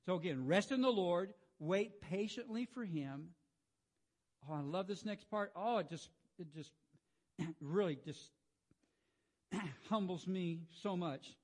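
A high-voiced man preaches a devotional sermon. He reads scripture quietly and slowly, then presses his point with rising emphasis, pausing often to clear his throat. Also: lively intonation. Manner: frequent throat clearing and restarts.

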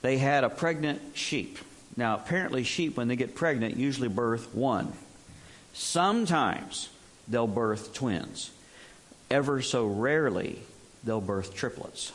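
A man's voice: mid-range voice, animated, a little slow. A man in his sixties preaching a folksy, humorous sermon as a missionary, full of rhetorical questions.

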